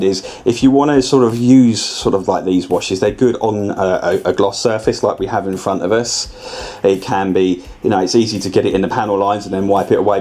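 A man's voice: on the low side, darkish tone. A man narrating a scale-model tutorial in a casual, chatty way, often restarting and correcting himself as he explains. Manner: rambling, chatty, self-correcting, with many restarts.

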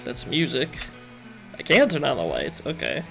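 A man's voice: medium pitch, wildly swooping pitch, normal speed, vocal fry, a bit bright, faint music behind. A young man giving playful, joking let's-play commentary as he works through a game. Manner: playful, jokey, chatty with game characters. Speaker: gaming video host.

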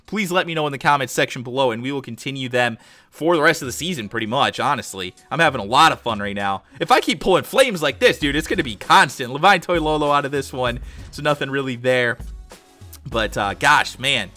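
A young man, a gaming YouTuber, commenting on card pack openings in a casual, excited way and shouting with joy at big pulls. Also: medium pitch, fairly quick, faint music behind. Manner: hyped, exclaims loudly at big pulls; casual, says dude and guys a lot.

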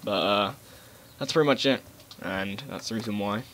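Casual male gaming commentator, low voice, swears freely, game gunfire clearly audible under him. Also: moderate pace. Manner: casual rambling, swears, sudden loud outbursts. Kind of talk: live gameplay commentary. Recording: game gunfire noise behind voice. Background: gunfire and explosions from the game.

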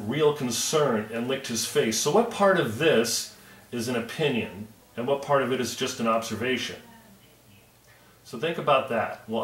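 A man's voice: medium pitch, fairly bright tone, reverberant, distant mic. A male teacher reading a story aloud and patiently explaining it to his class.

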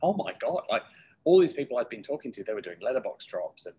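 Husky-voiced man telling stories. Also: medium pitch, fast talker, rough recording. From United Kingdom. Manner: lively storyteller who acts out quoted voices. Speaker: guest. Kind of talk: casual interview storytelling.

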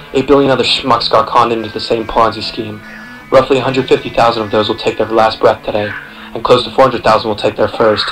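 Young male narrator, mid pitch, dry sardonic read, addresses the listener directly, swears freely. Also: a bit bright, rough recording. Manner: sardonic, profane, second-person address. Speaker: video essay narrator. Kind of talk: scripted voice-over narration.

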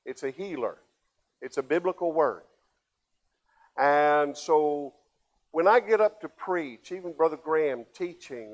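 Older man, pastor, sermon, slightly high voice, loud emphatic peaks and hushed asides. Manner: preaching with swings between loud emphatic peaks and low quiet asides.

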